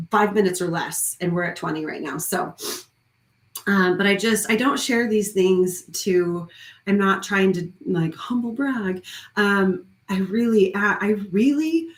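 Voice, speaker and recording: A woman who leads a wellness studio, giving a heartfelt, effusive live-streamed talk that rambles with restarts. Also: medium pitch. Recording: roomy echo.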